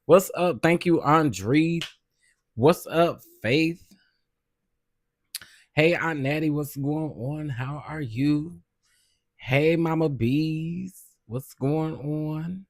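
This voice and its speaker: A man hosting a casual live stream, greeting viewers by name and chatting in a loose, drawn-out way. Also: fairly high pitch, no room sound. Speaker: livestream host.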